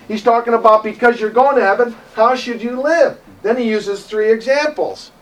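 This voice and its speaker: A man's voice: high-pitched, rough recording. A man preaching a conversational sermon, telling personal stories with laughter and acting out what people said. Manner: storytelling, animated, acts out quotes with laughter. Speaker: pastor.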